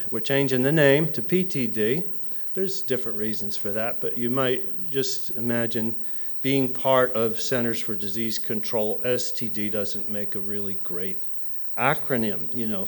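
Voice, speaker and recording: A middle-aged man from New Jersey giving a conference talk, telling stories with humor and acting out quotes in other voices. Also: medium pitch. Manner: animated storyteller, mimics voices in quotes. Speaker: conference speaker. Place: conference hall.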